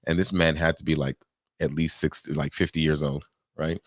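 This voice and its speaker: Deep-voiced man, dry and close. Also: a little fast, dry recording. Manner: animated storytelling, acts out quoted voices, swears freely. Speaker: podcast co-host. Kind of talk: casual chat.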